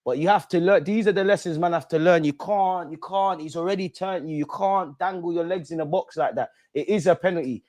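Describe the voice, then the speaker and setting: A young man hosting a live football watch-along, chatting in street slang and shouting when goals go in. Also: sits high, brisk, hardly any pauses.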